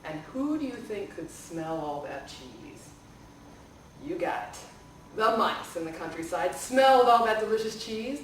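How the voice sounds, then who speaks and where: Animated library storyteller, woman, reading a folktale to kids; echoey room, voice distant. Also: medium pitch, unhurried, slight background noise. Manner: animated, asks the audience questions. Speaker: children's storyteller. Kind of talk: storytelling to children.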